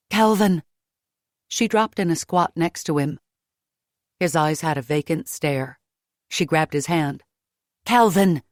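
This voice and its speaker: Low-voiced woman audiobook narrator. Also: dry recording, clean studio sound. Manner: lively, raising pitch for her own character's dialogue. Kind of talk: first-person audiobook narration.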